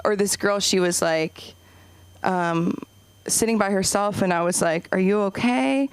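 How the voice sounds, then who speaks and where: A woman doing a stand-up comedy set, chatty and rambling, jumping her voice up high whenever she acts out a quote. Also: unhurried, clean tone, no room sound. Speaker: stand-up comic and open mic host. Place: comedy club stage.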